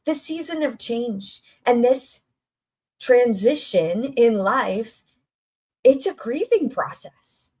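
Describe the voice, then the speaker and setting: A middle-aged woman coach giving an energetic, conversational motivational talk, full of rhetorical questions and repetition. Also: a little high, takes it slowly, husky.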